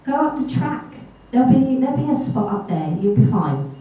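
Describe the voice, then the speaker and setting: A woman voicing her male camping partner, brisk and dismissive. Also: extremely high pitch, very animated, mellow, muffled recording, voice pushed up. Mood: offhand. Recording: echoey hall from far off.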